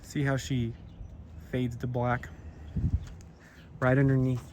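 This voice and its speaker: A man's voice: mid-range voice, monotone, slow, pauses often, darkish tone, a little hiss or hum. Rambling joking man in a garage. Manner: rambling, joking, calls viewers son. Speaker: car builder vlogger. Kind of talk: casual garage walkthrough.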